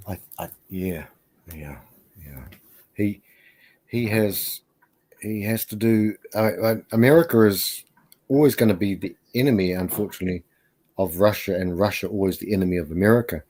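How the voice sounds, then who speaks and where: Low-voiced rambling man. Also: measured pace, long pauses, a little mellow. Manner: rambling and hesitant, many fillers. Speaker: stream guest. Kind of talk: casual live-stream chat.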